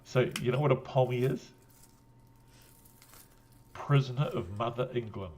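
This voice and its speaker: A man's voice: mid-range voice, unhurried, darkish tone, a little hiss or hum. A man with a New Zealand accent chatting casually on a stream, rambling, swearing and laughing often after a drink. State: had a drink. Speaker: guest on a livestream. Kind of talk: casual chat.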